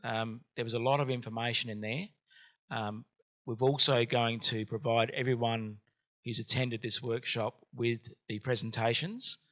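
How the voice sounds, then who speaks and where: A man's voice: mid-range voice, fairly even intonation, moderate pace, pushed and bright. A man hosting a business workshop, telling a personal story with frequent ums and uhs. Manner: hesitant, many ums and uhs. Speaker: event host.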